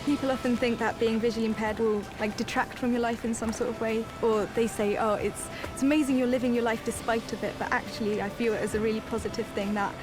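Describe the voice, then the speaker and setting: Woman, visually impaired runner, slightly high voice, cheerful, music and crowd behind. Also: fairly even intonation, fast talker, few pauses. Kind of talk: interview for a filmed segment. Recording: outdoor event with music and crowd.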